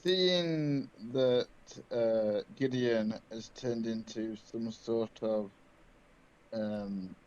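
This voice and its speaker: A British man playing a tabletop game, speaking slowly and hesitantly with many uhs. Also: mid-range voice, darkish tone, smooth. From Britain. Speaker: player. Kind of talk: casual tabletop play. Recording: dull lo-fi sound, faint noise.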